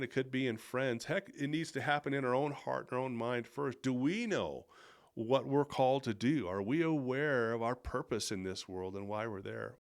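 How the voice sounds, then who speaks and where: A man's voice: medium pitch, clear, resonant tone. Earnest middle-aged man preaching. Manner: earnest, heated at times, with self-deprecating asides. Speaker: podcast host. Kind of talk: faith-based monologue.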